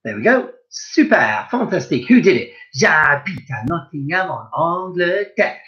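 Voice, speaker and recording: Lively man teaching young kids. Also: mid-range voice, highs cut off. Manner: lively, encouraging, speaks directly to pupils. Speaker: primary school French teacher. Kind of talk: home-learning lesson for young children.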